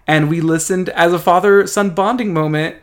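A man co-hosting a podcast in casual chat, measured, with dry humor. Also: high-pitched, fairly even intonation. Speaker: podcast co-host.

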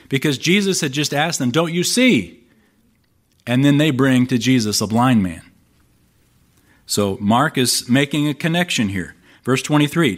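A man preaching a sermon in a conversational way, reading scripture aloud with lively emphasis and wry asides. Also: medium pitch. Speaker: pastor.

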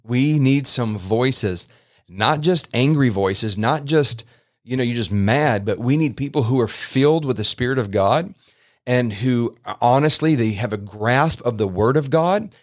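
A man's voice: mid-range voice, expressive, unhurried. Earnest rambling man podcasting. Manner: earnest, rambling with restarts and fillers. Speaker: podcast host. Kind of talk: casual podcast preaching. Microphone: podcast microphone.

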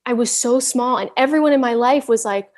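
A woman's voice: on the high side, a little mellow. Earnest woman wellness guest. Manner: earnest, candid, halting restarts. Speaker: interview guest, wellness counselor. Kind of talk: casual interview chat.

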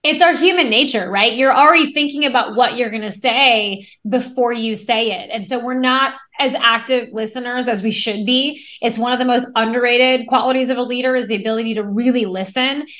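A woman's voice: fairly high pitch, fairly quick, hardly any pauses. A woman in her thirties, a podcast guest, talking energetically and acting out quoted lines as she tells stories. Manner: energetic, storytelling with quoted dialogue. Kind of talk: conversational interview. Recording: dull lo-fi audio.

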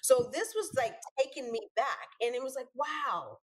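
Female co-host, high and very lively voice, chatty interviewer. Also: normal speed, husky, poor audio. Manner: chatty, laughs while asking questions. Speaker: podcast co-host. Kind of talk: casual interview chat.

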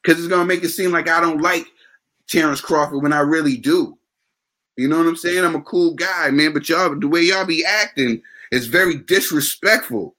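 Podcast co-host, man, high bright voice, heated and rambling. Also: moderate pace. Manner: passionate ranting, repeats himself. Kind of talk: casual boxing chat.

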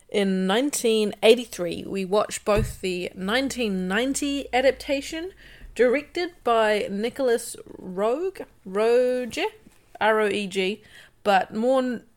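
Chatty New woman co-host. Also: mid-range voice. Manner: chatty, self-correcting. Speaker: podcast co-host. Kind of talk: casual chat.

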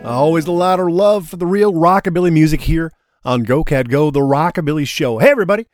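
A man's voice: fairly high pitch, fast, music in the background. A man hosting a live radio show as DJ, talking in an enthusiastic, easygoing way from a studio.

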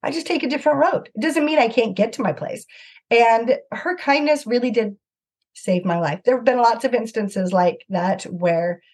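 A middle-aged woman guest recounting a personal story with earnest animation, often slipping into the voices of the people involved. Her voice has a slightly husky, breathy edge. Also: a little high, normal speed. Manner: earnest, animated anecdote-telling with acted-out quotes. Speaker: author and guest. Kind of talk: conversational storytelling.

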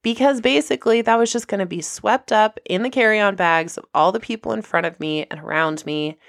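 A woman hosting a podcast, telling a personal story in a lively way and acting out the people she quotes. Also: a little fast, creaky, no echo, clean studio sound. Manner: animated, acts out quoted people with big pitch jumps. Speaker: podcast host.

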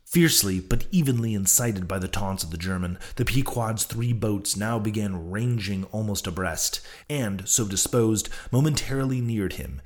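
A man narrating an old sea novel as an audiobook, in a measured storytelling manner. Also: lowish voice. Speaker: audiobook reader. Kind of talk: scripted narration.

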